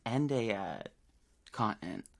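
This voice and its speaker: A man's voice: on the low side, sing-song, unhurried, gravelly. A man co-hosting a podcast, chatting casually and laughing often. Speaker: podcast co-host. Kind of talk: casual chat.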